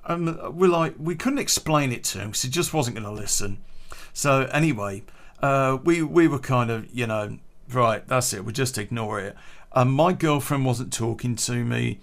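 A man's voice: mid-range voice, normal speed, fairly bright tone. A man telling a rambling, swear-heavy personal anecdote in a casual way, full of restarts. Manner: profane, rambling, frequent restarts. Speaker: storyteller.

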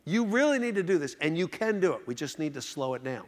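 A man acting out an enthusiastic friend who keeps coaxing and cheering a tired companion on. The voice sits fairly high for a man. The sound rings out with a long hall reverb. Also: sing-song, fast. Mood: encouraging. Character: upbeat male friend, eager hiking buddy.

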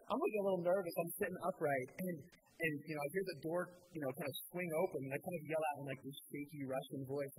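A man's voice: on the high side, fast talker, a little hiss or hum, poor audio. A young American man preaching a sermon in a church, telling stories casually with lots of fillers. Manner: storytelling, casual with many fillers. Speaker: pastor.

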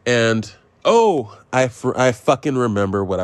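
Speaking at a normal speed in a fairly low voice, a man delivers a podcast film review that drifts all over the place: sarcastic, sweary, self-mocking and full of invented jokey phrases. The recording is dry.

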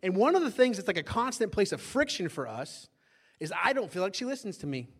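A middle-aged man preaching a sermon, telling a story from his own marriage with animated energy. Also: high voice, a little fast, breathy edge. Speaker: pastor.

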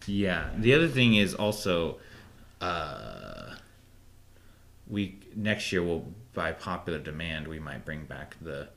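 A man's voice: low voice, big pitch swings, takes it slowly, vocal fry, fairly bright tone. A young man co-hosting a podcast in casual chat, easygoing and agreeable with lots of fillers. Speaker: podcast co-host.

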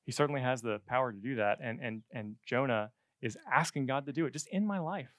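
A man preaching a sermon in a conversational, animated way, with joking asides. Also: medium pitch, a little fast, dry recording, clean studio sound.

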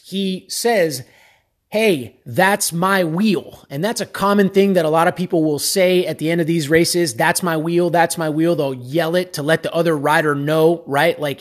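Guy vlogging, kinda high voice, chatty and earnest, lots of rhetorical questions. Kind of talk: casual motivational talk to camera.

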